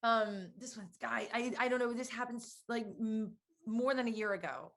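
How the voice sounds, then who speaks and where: Woman host chatting, lots of um and like, slightly high voice. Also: moderate pace, gravelly, fairly bright tone. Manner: chatty, hesitant, many fillers. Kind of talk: conversational interview.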